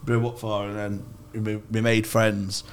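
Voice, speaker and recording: A man's voice: on the low side, level tone, normal speed, smooth. A man, telling rambling, sweary anecdotes on a podcast. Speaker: podcast co-host. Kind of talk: casual storytelling chat.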